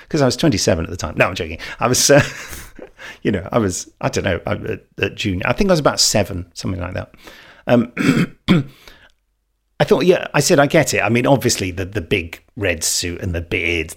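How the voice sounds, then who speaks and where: A man's voice: on the low side, creaky. Middle-aged guy telling stories, dry self-mocking humor, lots of ups and downs in his voice. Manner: wry, self-deprecating storyteller. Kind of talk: anecdotal casual chat.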